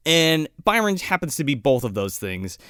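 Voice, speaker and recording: A man's voice: on the high side, normal speed, smooth, dry recording, studio quality. A man co-hosting a casual movie review podcast, retelling scenes with lots of swearing and quoted lines. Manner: profane, animated retelling of scenes with quoted voices. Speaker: podcast co-host.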